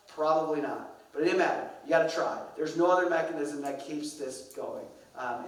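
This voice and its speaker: A middle-aged man speaking to pastors at a conference, telling wry, self-deprecating stories. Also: on the high side. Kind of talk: humorous storytelling lecture. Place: large conference hall. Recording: echoey hall from a distance.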